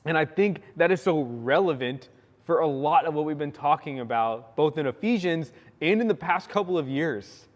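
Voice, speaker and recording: A young man giving a sermon, telling a personal story in a lively, animated way, acting out the quotes and saying "like" often. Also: on the high side, normal speed. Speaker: pastor. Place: church sanctuary. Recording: long hall reverb.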